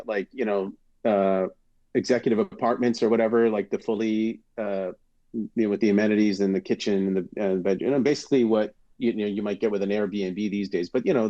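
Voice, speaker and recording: A man born in Britain, a former TV host, telling stories as a podcast guest in a lively, animated way, jumping up in pitch when acting out what people said. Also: muffled recording. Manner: animated storyteller, acts out quotes with big pitch jumps. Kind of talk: casual storytelling chat.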